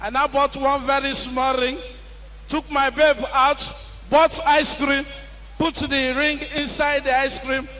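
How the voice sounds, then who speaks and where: Bright high-voiced Nigerian comedian. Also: male voice, slow, low-quality recording. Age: young adult. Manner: animated storytelling, acts out quoted characters with shouts. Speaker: stand-up comedian. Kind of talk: stand-up comedy on a live stage.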